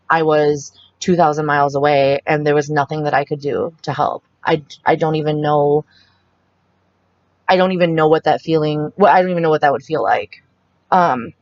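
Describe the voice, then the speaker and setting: A young woman telling a frightening personal story in a halting way, often quoting what people said to her. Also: deep voice, no room sound. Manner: halting, retells the scene with quoted dialogue. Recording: dull, muffled dry sound.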